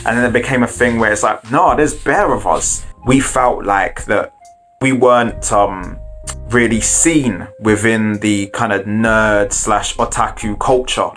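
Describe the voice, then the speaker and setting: A relaxed man talks about his anime crew in loose, slang-heavy chat and keeps checking in with the listener. His voice sits fairly low. Soft music plays behind him. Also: measured pace. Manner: slangy and laid-back, with lots of "you know what I mean". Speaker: anime platform co-founder. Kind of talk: casual chat.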